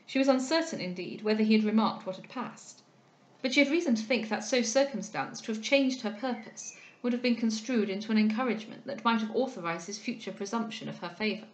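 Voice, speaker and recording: A woman reading a classic novel aloud, in a measured, steady narration. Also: on the high side. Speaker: audiobook reader. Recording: roomy echo.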